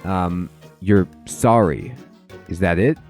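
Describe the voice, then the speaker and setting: A man reading the lines of a grieving male warrior chieftain in a slow, heavy way. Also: low-pitched, a little mellow, faint music behind. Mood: bitter.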